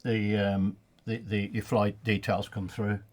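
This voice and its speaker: A man with a Black Country accent, a retired football referee telling funny anecdotes in a relaxed studio chat. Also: fairly low pitch, unhurried. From England. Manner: anecdotal, laughs at his own stories, many restarts. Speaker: studio guest, former referee. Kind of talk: storytelling in a casual chat.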